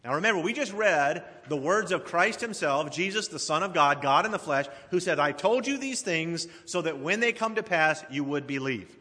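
A man preaching an expository sermon in a church sanctuary, his voice ringing through a long hall reverb. He speaks a little higher than most men, with a bright, forceful edge, and addresses the congregation emphatically as he reads the scripture. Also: expressive, moderate pace, few pauses.

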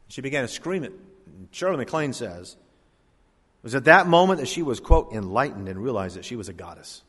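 A man's voice: medium pitch, sing-song, fairly bright tone, husky. Man preaching in a reverberant church. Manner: preaching with swelling emphasis and dramatic pauses. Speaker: pastor. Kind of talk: sermon. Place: church sanctuary. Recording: long hall reverb.

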